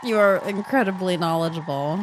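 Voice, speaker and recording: A woman's voice: lowish voice, fairly quick, over a noisy crowd. A young woman co-hosting a casual political talk show with her husband, chatty and earnest. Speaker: co-host, host's wife.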